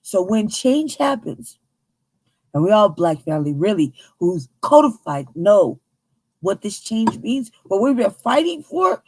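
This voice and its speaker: An American woman hosting a news commentary show, talking in a heated, emphatic, profane way with a husky voice. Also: medium pitch, big pitch swings, measured pace, darkish tone, no echo. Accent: American English. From United States.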